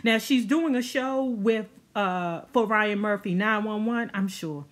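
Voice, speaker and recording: A woman's voice: medium pitch, a little slow. Sassy woman recapping a TV show. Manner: sassy, chatty, slangy asides. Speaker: TV recap vlogger.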